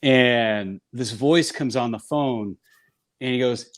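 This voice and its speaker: A man's voice: medium pitch, slow pace. Man from Northern California telling stories. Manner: animated storyteller who acts out quotes. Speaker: baseball play-by-play broadcaster, guest. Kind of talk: casual storytelling interview. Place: store in Wisconsin.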